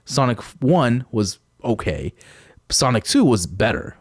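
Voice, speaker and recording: Lively-voiced young man chatting casually. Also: mid-range voice, measured pace, no echo, studio quality. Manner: relaxed, joking, reads news items aloud. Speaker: podcast co-host. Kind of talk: casual chat.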